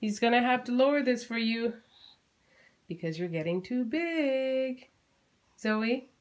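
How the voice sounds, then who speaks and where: A woman's voice: expressive, takes it slowly. A woman in her thirties from Canada, a homeschooling mom chatting casually to her vlog audience and talking playfully to her baby. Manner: chatty, playful, talks to her baby in a high sing-song voice.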